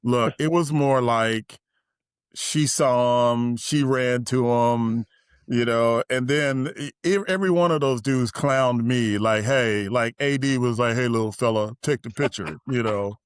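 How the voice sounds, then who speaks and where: Guy in his forties on a podcast, smooth clear voice, dry close sound, acts out what people said as he tells stories. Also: medium pitch, takes it slowly, no echo. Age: 40s. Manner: animated storyteller, acts out quotes, laughs while talking. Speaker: podcast guest. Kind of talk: casual storytelling chat.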